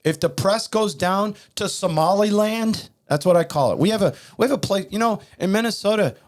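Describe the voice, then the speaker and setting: A man's voice: high voice, fairly quick. A man hosting a talk show, preaching in a heated, emphatic and repetitive way. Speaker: podcast host.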